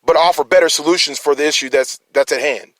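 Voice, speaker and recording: A man's voice: on the high side, fast, no echo. Brief: man in a raw, rambling monologue, stumbling over words, challenging listeners, dry voice. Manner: rambling, stammering restarts. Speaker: concerned citizen. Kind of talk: emotional personal monologue.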